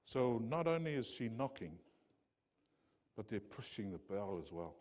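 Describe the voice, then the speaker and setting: Preacher with a lively, swinging voice. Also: male voice, lowish voice, a little slow. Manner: impassioned storytelling preacher, swinging from hushed to loud. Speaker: pastor. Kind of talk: sermon. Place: church.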